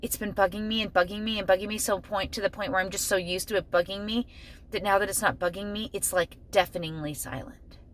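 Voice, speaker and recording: A woman's voice: mid-range voice, steady tone, quick pace, fairly bright tone, a little hiss or hum. A middle-aged woman talking casually to camera in a family vlog, chatty and emotional, full of "like". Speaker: family vlogger. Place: in her car, then at home.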